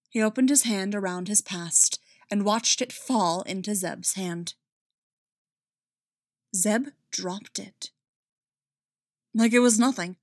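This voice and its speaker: A woman giving an expressive, dramatic reading of a story. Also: mid-range voice, no room sound, studio quality. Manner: expressive, rising and falling with the drama. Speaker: reader.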